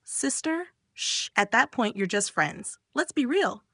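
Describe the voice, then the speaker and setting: Woman reading as a cheeky, pushy young friend; high, bouncy, taunting, dry close mic. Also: very animated, a little slow, sharp tone, no echo, full character voice. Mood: teasing.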